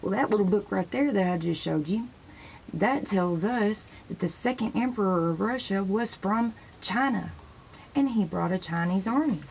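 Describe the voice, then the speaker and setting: A woman hosting a casual show-and-tell video, excitedly pointing out pictures in books and dropping in praise phrases as she rambles. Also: medium pitch, normal speed, vocal fry, slight background noise, low-quality recording. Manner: sprinkles praise phrases into talk. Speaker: religious video host.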